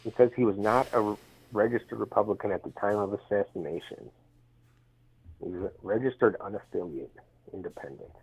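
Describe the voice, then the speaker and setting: A man's voice: on the low side, fairly quick, a little mellow. A man calling into a livestream, arguing in a dismissive, mocking way. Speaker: caller. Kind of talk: heated call-in argument. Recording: husky tinny phone line.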